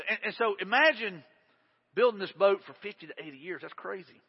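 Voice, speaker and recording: A middle-aged pastor preaching a folksy, conversational sermon and acting out quoted voices. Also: male voice, high-pitched, quick pace, husky. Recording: dull, echoey hall sound.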